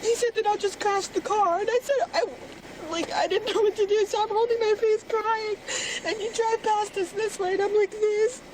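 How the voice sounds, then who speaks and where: A young woman crying while giving police a rushed, halting account, recorded outdoors on a body camera. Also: very high-pitched, fairly even intonation. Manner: breathless, halting, rushed retelling. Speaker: crime victim giving a statement. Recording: noisy police bodycam audio.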